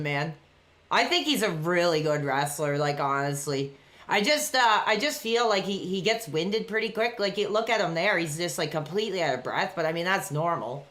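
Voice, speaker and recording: A woman chatting casually on a live stream, reading out messages from viewers and reacting excitedly to a wrestling match from a dark room at home. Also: mid-range voice. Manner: chatty, reads out chat messages between excited play-by-play reactions.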